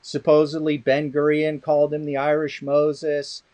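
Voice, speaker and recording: A man's voice: a little high, completely flat delivery, unhurried, a little mellow. Middle-aged man, blunt rambling storyteller. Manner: rambling anecdotal storytelling with restarts; blunt and sardonic. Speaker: guest expert on law of armed conflict. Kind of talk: casual interview conversation.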